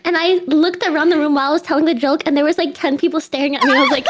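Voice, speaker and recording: A woman's voice: high voice, very animated, very fast, few pauses, heavy background noise. A young American woman chatting as a guest, giggly and playful. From United States. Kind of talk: casual chat.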